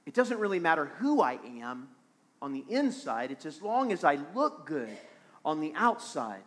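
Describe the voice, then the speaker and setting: A man's voice: fairly high pitch, very animated, normal speed, fairly bright tone. A man preaching a sermon as pastor of a small church, earnest and repeating phrases for emphasis.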